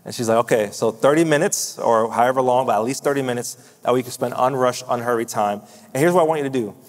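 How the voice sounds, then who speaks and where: A male pastor delivers a sermon, telling a story through quoted dialogue. His voice sits in an ordinary middle pitch and often slows for emphasis. It rings with the long reverb of a large church hall.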